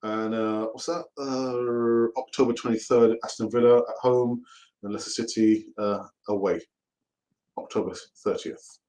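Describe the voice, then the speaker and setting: A man's voice: medium pitch, fairly even intonation, a little slow, mellow, poor audio. A middle-aged man, hosting a casual football fan live stream, chatty and repeating himself as he laughs along with the chat.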